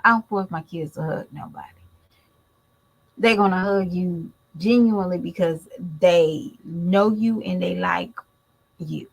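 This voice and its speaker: A woman's voice: lowish voice, a little slow, creaky, poor audio. A woman and mother giving blunt, emphatic commentary in a vlog, talking straight to her viewers.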